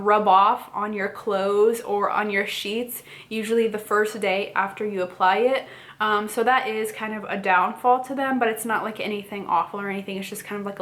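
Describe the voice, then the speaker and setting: A woman's voice: medium pitch, a bit bright. A young woman chatting casually in a beauty haul vlog, filling her talk with "like" and "um". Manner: chatty, frequent "like" and "um" fillers. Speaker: beauty vlogger.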